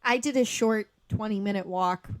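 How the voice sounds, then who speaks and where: A woman's voice: medium pitch, normal speed. A woman co-hosting a movie podcast, chatting casually and swearing freely. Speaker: podcast co-host. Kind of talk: casual chat.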